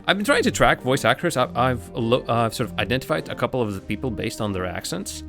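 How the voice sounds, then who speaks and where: A man's voice: medium pitch, big pitch swings, fast, gravelly, over music. A man streaming a game live, thinking aloud in casual commentary with frequent restarts.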